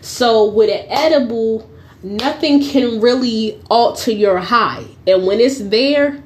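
A young woman with a slightly high voice tells a story at a slow, drawn-out pace. She is blunt and heavily profane, animated and quick to laugh as she rants to her listeners. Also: slight background noise. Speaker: podcast host. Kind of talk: casual storytelling monologue.

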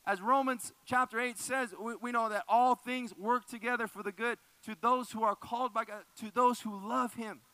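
A man preaching a sermon, emphatic and repeating phrases for effect, often dropping low and soft. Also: steady tone, normal speed, hardly any pauses, smooth, dry recording. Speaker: pastor.

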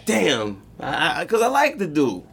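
A man's voice: fairly high pitch, huge pitch swings, a little slow, creaky, fairly bright tone, slight background noise. A man co-hosting a casual sports chat, loose and joking with plenty of profanity. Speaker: podcast co-host.

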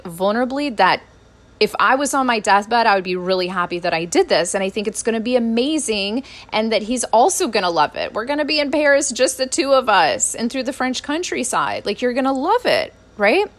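A woman in her thirties, a coach and podcast host, telling a personal story in a lively, spontaneous way and laughing often. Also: fairly high pitch. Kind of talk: casual storytelling monologue.

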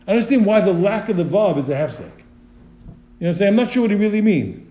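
A middle-aged man teaching a text study lesson, thinking aloud with many restarts and animated asides. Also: high-pitched, fast, reverberant. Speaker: Torah teacher.

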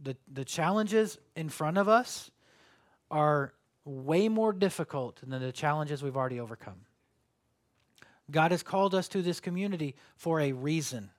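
A man's voice: on the high side, expressive, moderate pace. A man, preaching a sermon in a conversational, joking way that rises to emphatic calls. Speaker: pastor.

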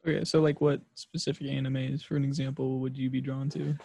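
A man co-hosting an interview, earnest and halting, leaning on fillers. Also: mid-range voice, level tone, gravelly, a little mellow, slightly rough, no room sound. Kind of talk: casual interview.

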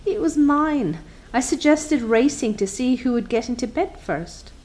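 A woman's voice: medium pitch, lively intonation, normal speed, a little mellow, close to an everyday voice. A woman voicing a dreamy, dramatic young girl in a storybook reading, speaking in an earnest, theatrical way. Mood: contrite.

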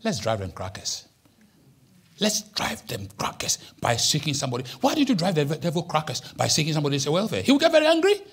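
Animated, husky-voiced preaching man. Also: fairly quick. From Ghana. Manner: animated preaching, leaps from hushed asides to high emphatic peaks. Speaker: pastor. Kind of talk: sermon. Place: church.

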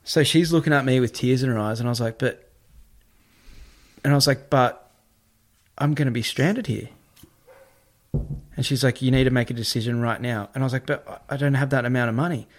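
A man, a podcast guest telling a story in a casual, animated way, often swearing and repeating himself. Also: mid-range voice, a little fast, long pauses. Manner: animated, repetitive, swears freely.

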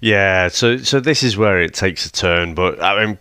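A man's voice: low-pitched, measured pace, bright, forceful tone, clear, resonant tone, no room sound, clean studio sound. A man, co-hosting a casual film review podcast, laughing often as he talks. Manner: chuckling, loose with fillers. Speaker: podcast co-host.

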